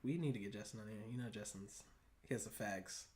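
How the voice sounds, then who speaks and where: A man's voice: on the low side, fast talker, a little mellow. A man co-hosting a casual podcast, talking in laid-back slangy banter and swearing freely. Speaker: podcast co-host. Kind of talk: casual chat.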